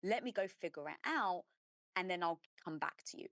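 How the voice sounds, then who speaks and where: A woman quoting her busy husband, who apologizes to her, in a slightly lower voice. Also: expressive, normal speed, a bit bright, dry recording, studio quality. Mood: apologetic.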